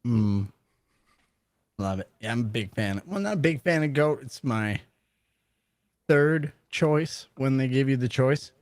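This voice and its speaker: A man's voice: medium pitch, expressive, unhurried, pauses often, no echo. A man co-hosting a casual livestream chat, out of breath, joking and teasing the others. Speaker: co-host.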